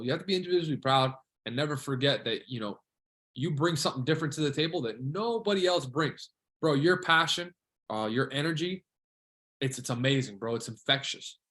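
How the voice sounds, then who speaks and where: Podcast host dude, earnest, keeps saying bro, average pitch voice. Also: male voice, fairly bright tone. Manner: earnest, swears casually, calls guest bro. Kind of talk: casual podcast chat.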